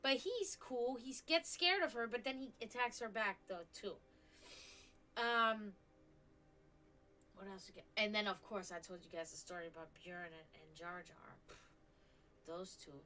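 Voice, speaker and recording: Bright-voiced woman chatting on a stream. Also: mid-range voice, a little slow, pauses often. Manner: rambling, chatty, swears casually, many restarts. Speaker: stream host. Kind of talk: casual live-stream chat.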